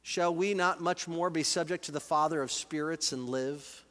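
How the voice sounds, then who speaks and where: A man's voice: a little high, moderate pace, a bit bright. A man in his forties, a pastor preaching a sermon in a church, earnest and conversational as he reads and explains scripture. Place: church sanctuary. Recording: reverberant church hall.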